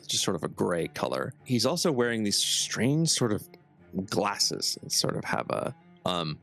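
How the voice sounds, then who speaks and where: A man's voice: lowish voice, gravelly, fairly bright tone. A man narrating a tabletop game as game master, describing scenes loosely with fillers.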